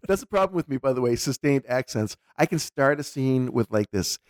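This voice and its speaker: A man's voice: medium pitch, a little fast, no echo, studio quality. A man co-hosting a podcast, chatting casually and telling stories animatedly, sometimes slipping into voices. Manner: animated storyteller, drops into voices. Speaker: podcast co-host. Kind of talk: casual chat.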